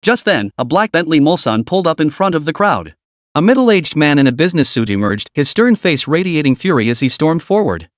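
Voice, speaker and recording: A man narrating a comic story recap in a brisk storytelling manner. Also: fairly high pitch, big pitch swings, dry recording, clean studio sound.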